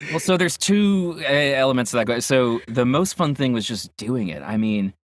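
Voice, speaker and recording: A man's voice: mid-range voice, expressive, normal speed, no echo. A young adult man, a voice actor, chatting casually in an interview, rambling a little with restarts and easy laughter. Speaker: voice actor guest.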